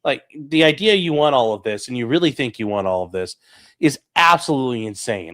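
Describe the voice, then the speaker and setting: Animated man mocking politics on a podcast. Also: mid-range voice, a little fast. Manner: animated, mocking impressions, swears. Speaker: podcast co-host. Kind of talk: casual political chat.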